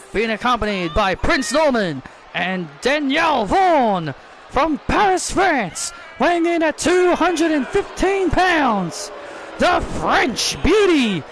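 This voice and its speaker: A man playing a formal wrestling ring announcer who booms out the intros over game noise. The voice sits high for a man, with unhurried delivery, and the recording is noisy. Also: a bit bright, exaggerated voice.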